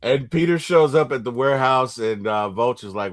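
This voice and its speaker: Animated man retelling a movie. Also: mid-range voice. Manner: animated retelling, acts out scenes with quick impressions. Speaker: movie review podcast host. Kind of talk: casual movie recap chat.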